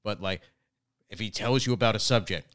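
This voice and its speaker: A man with a very deep voice, a comedian guest in casual podcast chat, telling stories in a laid-back, profane way. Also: a little fast, a bit bright, no room sound, studio quality.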